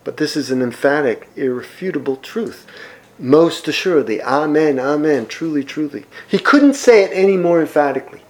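A man preaching a sermon, reading scripture aloud and commenting on it, with emphatic swings between loud and soft. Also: a little high, expressive, poor audio. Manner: slow, emphatic preaching with wide swings in loudness. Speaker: pastor.

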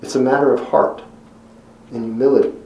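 A man's voice: medium pitch, fairly even intonation, warm tone. Earnest man preaching in an echoey room. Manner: earnest, conversational, with dramatic pauses and emphatic quotes. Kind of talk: sermon.

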